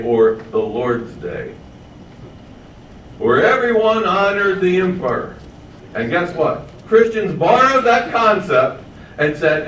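Male preacher, slightly high voice, teaching sermon, picked up from a distance in a reverberant room. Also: a bit bright, slight background noise. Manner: asks the audience questions, stretches key words slowly for emphasis. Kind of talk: sermon, verse-by-verse Bible teaching. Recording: echoey, distant room mic with faint ambience.

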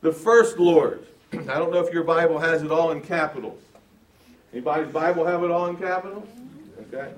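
A man preaching a verse-by-verse Bible sermon, swinging from quiet explanation to loud emphasis and asking his audience questions. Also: fairly high pitch, steady tone, normal speed. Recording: roomy sound from a distance.

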